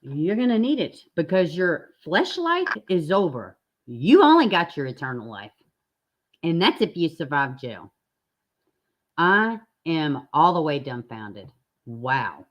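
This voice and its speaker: A woman's voice: sits low, big pitch swings, unhurried, lo-fi sound. A woman hosting a reaction commentary channel, blunt and indignant, swearing freely as she reacts to clips.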